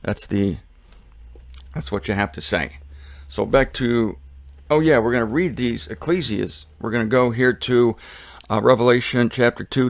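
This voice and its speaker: Gravelly man rambling through Bible teaching. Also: medium pitch, normal speed, long pauses, dry recording. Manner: rambling and joking, with self-deprecating asides.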